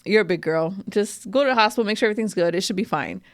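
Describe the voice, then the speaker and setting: A woman in her thirties hosting a podcast, telling a personal story in a candid, animated way, swearing freely and acting out what others said. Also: mid-range voice, very fast, dry recording, studio quality. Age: 30s. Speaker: podcast host. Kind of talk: casual storytelling chat.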